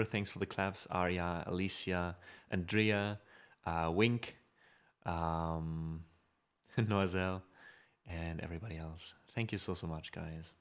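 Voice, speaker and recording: A man's voice: low voice, clean tone. A man with a German accent, a native German speaker hosting a music livestream, chatting casually with viewers in an upbeat way and laughing often. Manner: upbeat, laughs often while reading out chat.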